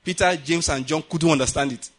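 A man's voice: on the high side, brisk, faint music behind. A man with a Nigerian accent preaching a sermon in a church, telling stories and often asking whether the congregation gets his point. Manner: animated, keeps checking the congregation follows his point. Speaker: pastor. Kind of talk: sermon with storytelling. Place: church building.

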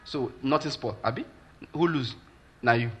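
A man's voice: medium pitch, moderate pace, husky. A man with a Nigerian accent preaching a sermon as a pastor, emphatic and repeatedly checking that listeners follow his point, with Pidgin asides.

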